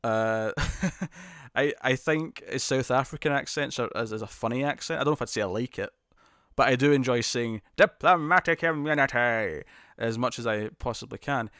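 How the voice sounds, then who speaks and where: A man's voice: mid-range voice, normal speed, fairly bright tone, dry recording. A man from the UK hosts a live stream, reading out viewer comments in a loose, rambling style. He stammers, restarts his sentences and often chuckles. His voice sits mid-range and is recorded dry and close.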